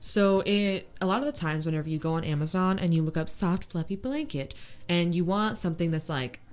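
Low-voiced, chatty woman podcaster. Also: a little fast. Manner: rambling, chatty complaints with many fillers. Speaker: podcast co-host. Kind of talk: casual chat.

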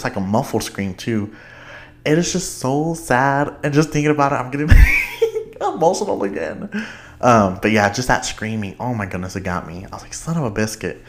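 Excitable young man rambling with laughs. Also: lowish voice. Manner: excitable, laughs often, rambling with many fillers. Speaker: podcast host. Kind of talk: casual chat.

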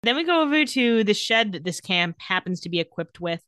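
A woman's voice: medium pitch, expressive, brisk, a bit bright, clear, resonant tone, no echo, clean studio sound. A woman co-hosting a podcast, recapping episodes in casual chat and acting out lines with jokes. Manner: recaps scenes, acts out quotes with jokes. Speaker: podcast co-host.

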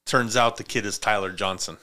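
Bright, smooth-voiced podcast host man. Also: lowish voice, steady tone, a little fast. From Montana. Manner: joking, swears freely, rambling storyteller. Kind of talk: casual chat. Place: small podcast studio.

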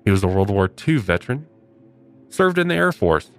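A man's voice: fairly low pitch, big pitch swings, normal speed, faint music behind. A man hosting a comedy podcast, telling a paranormal story with mock-dramatic flair. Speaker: podcast host.

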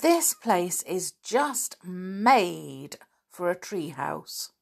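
A woman reading the part of an eager, bossy boy who leads a children's club, brisk and organising. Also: fairly low pitch, sing-song, creaky, darkish tone, heavily acted.

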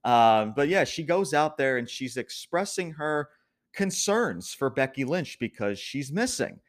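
A man's voice: medium pitch, very animated, a little slow. Rambling laughing man recapping wrestling. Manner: rambling, many restarts, laughs often. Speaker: podcast host reviewing wrestling. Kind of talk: casual recap and commentary.

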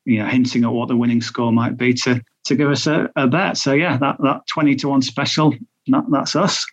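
A man talking as a podcast tipster, rattling off results and odds with plenty of ums and uhs. His voice sits at a middling pitch. The recording is muffled and lo-fi. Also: fairly even intonation, fairly quick. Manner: chatty, reels off stats and odds with frequent fillers. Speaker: golf betting tipster. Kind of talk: podcast chat. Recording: dull lo-fi audio.

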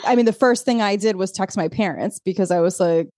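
A woman from the Azores co-hosting a casual podcast, spinning a story with quick asides and acted-out quotes. Her voice sounds mellow and dark, recorded close and dry. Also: mid-range voice, dry recording. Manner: animated storyteller, laughs often, acts out quoted texts. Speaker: podcast co-host. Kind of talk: casual chat.

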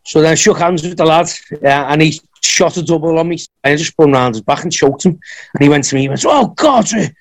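A man telling a long wrestling story in a podcast interview, acting out what others said in lively bursts. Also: a little high, fast talker. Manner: animated anecdotes, acts out others' lines. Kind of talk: casual storytelling.

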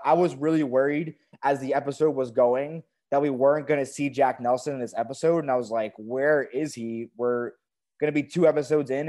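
A man co-hosting a podcast, chatting casually and enthusiastically about a TV episode. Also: mid-range voice. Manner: enthusiastic, relaxed, quick to praise. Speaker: podcast co-host. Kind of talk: casual TV recap chat.

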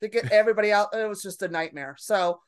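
This stand-up comedian talks fast, with a medium-pitched voice and clean tone. Chatting on a casual podcast, she relays a club story in a brash, profane, animated way, quoting and impersonating the people involved.

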